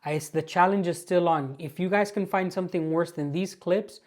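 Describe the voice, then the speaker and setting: A woman's voice: on the low side, normal speed, a little mellow, a little hiss or hum. An American woman hosting her channel, talking straight to viewers in amused, mocking commentary on clips. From United States. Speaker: channel host.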